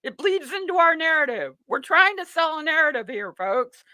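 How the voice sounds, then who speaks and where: A woman's voice: high voice, sing-song, moderate pace, pushed and bright, no echo. A woman hosting a live political talk show, rambling and mocking in a sarcastic tone. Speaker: show host.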